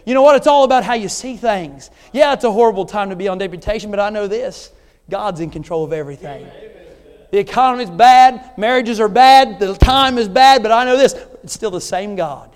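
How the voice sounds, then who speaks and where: A man with a strikingly high voice preaches a sermon in a church sanctuary, driving each point home with rhetorical questions. His words ring out with a long hall reverb. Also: fairly quick, clean tone. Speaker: visiting missionary preacher.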